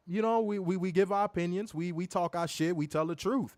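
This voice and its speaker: Guy on a wrestling stream, fairly high voice, dry close mic, snaps back at the chat. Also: fairly quick, no room sound. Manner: animated, talks back to chat comments. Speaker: wrestling show co-host. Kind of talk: casual live-stream commentary.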